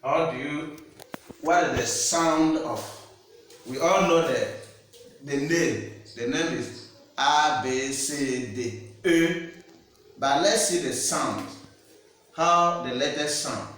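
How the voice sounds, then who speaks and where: A man's voice: a little high, slow pace, long pauses, fairly bright tone, a little hiss or hum. A man teaching French pronunciation, speaking patiently and repeating words to check the student understands. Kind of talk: slow classroom-style teaching. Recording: echoey room, distant mic.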